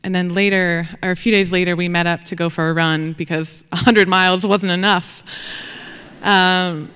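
A woman's voice: on the low side, fairly even intonation, normal speed, a bit bright, smooth. A woman telling a personal story live on stage, chatty, with fillers and frequent laughter. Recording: long hall reverb.

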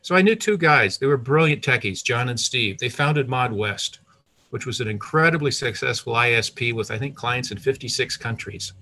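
A man's voice: mid-range voice, expressive, moderate pace, pushed and bright. An older retired man telling a personal story in a conversational way, with restarts and self-corrections.

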